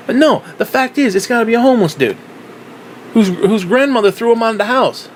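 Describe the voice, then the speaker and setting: A man's voice: extremely high pitch, animated, brisk, slight background noise, low-quality recording. A man rambling through a casual vlog monologue, swearing freely and circling back with lots of fillers and restarts. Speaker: vlogger.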